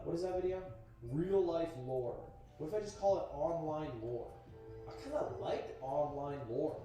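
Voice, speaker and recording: A young man in his twenties narrating his own vlog in a brisk, chatty, self-assured way. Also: fairly high pitch, animated, mellow, faint music behind. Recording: echoey, distant playback on a stream.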